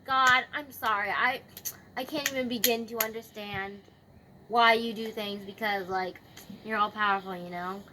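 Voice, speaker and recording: A woman's voice: a little high, animated, moderate pace, hardly any pauses, background noise, natural voice. A woman voicing Job as a suffering, faithful man who pleads casually with God. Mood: apologetic.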